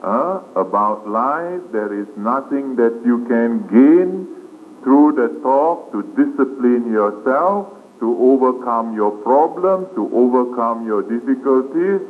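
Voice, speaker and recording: A man, a Buddhist monk, giving a dharma talk slowly with frequent questioning "hmm?" and "huh?" tags. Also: mid-range voice, expressive. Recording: tinny lo-fi 1980s tape with faint hiss.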